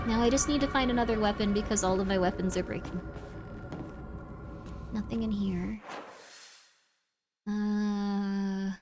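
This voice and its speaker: A woman streaming a horror game live, chatting in a rambling way, full of "like", venting about the combat and then softening. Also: a little high, noisy background. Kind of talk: live gameplay commentary. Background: game music.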